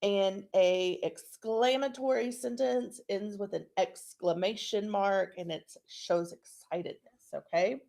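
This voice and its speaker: A woman teacher giving a recorded lesson to young pupils, speaking slowly and clearly and checking in often with "okay?". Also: mid-range voice, mellow. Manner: slow, clear instructional delivery with frequent checks. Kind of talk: recorded online class lesson.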